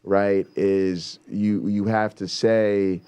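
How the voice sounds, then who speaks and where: A man's voice: on the low side, flat delivery, extremely slow, warm tone, clear, resonant tone, muffled recording. A man hosting a talk show in casual commentary, blunt and emphatic, swearing freely and often checking in with a rhetorical "right?".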